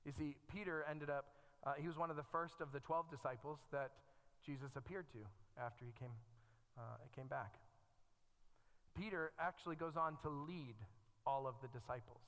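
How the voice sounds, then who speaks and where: A man's voice: a little high, moderate pace, fairly bright tone. A middle-aged man preaching a conversational sermon as a pastor, reading scripture aloud and adding self-deprecating asides. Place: church sanctuary. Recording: long church reverb.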